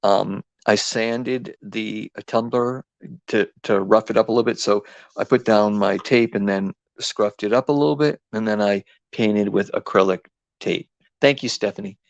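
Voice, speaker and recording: A man's voice: on the low side, steady tone, normal speed, gravelly, no room sound, dull audio. A man with an East Coast accent hosting a live craft demo, rambling and chatty with lots of ums and restarts. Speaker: craft host.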